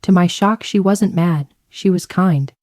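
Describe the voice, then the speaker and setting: A woman tells a dramatic first-person story in a low, mellow voice. The recording is dry and close, with no room sound. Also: a little slow, no room sound. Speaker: narrator.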